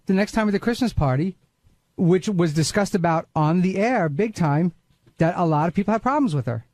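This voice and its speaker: A man's voice: sits high, lively intonation, brisk, darkish tone, no echo. A man on a radio show, talking bluntly and arguing his side. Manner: blunt, argumentative. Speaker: show staffer. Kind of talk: casual studio talk.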